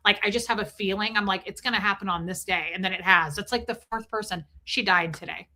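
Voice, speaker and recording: A woman's voice: mid-range voice, fast, bright, forceful tone. A middle-aged woman hosting a livestream, chatting in a rambling, emotional way and thanking viewers as she goes. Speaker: livestream host. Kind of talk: casual livestream chat.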